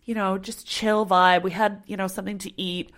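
Woman, casual travel chat, animated storyteller, acts out quotes. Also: medium pitch, moderate pace. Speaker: podcast co-host.

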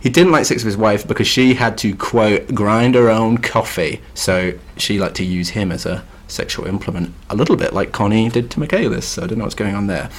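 A man's voice: on the low side, brisk, hardly any pauses. A man from Britain co-hosting a podcast, recapping a novel in a dry, wry way and chuckling often. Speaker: podcast co-host. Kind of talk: casual chat recapping a novel.

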